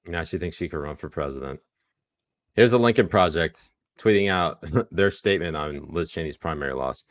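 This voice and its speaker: A man's voice: deep voice, moderate pace, dry recording. A male podcast co-host bantering crudely and sarcastically about politics, swearing and laughing often.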